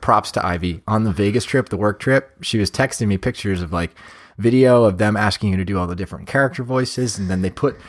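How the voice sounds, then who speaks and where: A man's voice: on the low side, a little fast. Dry, teasing male podcast host. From Boston area, USA. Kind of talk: casual chat.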